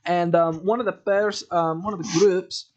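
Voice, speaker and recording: A young man with a voice that sits a little high for a guy talks to his podcast mic. He rambles casually through a story, swearing freely and amusing himself as he goes. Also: fairly even intonation, normal speed, a little mellow, dull audio. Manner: rambling, profane, self-amused. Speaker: podcast host.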